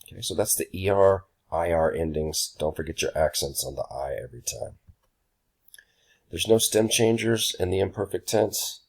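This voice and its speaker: Young male teacher with a very deep voice, loose and unscripted, plenty of ums. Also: moderate pace. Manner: relaxed, many ums and uhs, says y'all. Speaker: Spanish teacher. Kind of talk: casual recorded grammar lesson.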